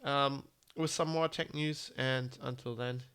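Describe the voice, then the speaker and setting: A man's voice: medium pitch, fairly even intonation, measured pace, fairly bright tone. A man with a German accent, congested from hay fever, giving a rambling, blunt tech news commentary on a live stream. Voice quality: gravelly. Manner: rambling, blunt, with frequent ums and restarts.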